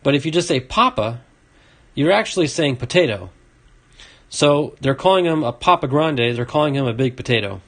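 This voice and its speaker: A man hosting a casual card-opening video reads off names and chats to a viewer as he goes through the box. His voice is mid-range and fairly quick.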